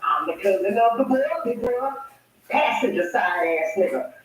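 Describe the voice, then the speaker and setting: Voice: medium pitch, expressive, normal speed. Ranting speaker in a very echoey room. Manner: taunting, mocking, repeated insults; swings between mutters and shouts. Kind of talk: profane insulting rant. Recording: very echoey, distant, noisy.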